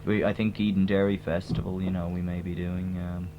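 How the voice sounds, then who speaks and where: A man with a put-on American accent, talking as a tribute band singer in a comic radio interview. He rambles deadpan, full of hesitant fillers. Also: deep voice, fairly quick. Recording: dull lo-fi old radio tape with hum.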